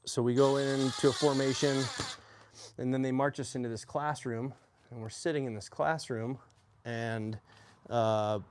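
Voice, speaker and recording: A man's voice: mid-range voice, measured pace. A man in his forties, an army veteran, telling his own story in a casual, plainspoken way with faint hum behind him. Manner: plainspoken, animated when quoting others.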